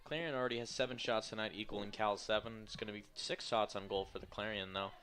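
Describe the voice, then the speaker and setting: This play-by-play commentator is a young man with a fairly low, mostly even-toned voice, talking fast over background noise. Calling a college women's soccer game live, he's somewhat worn out, yawning, and slipping in casual jokes.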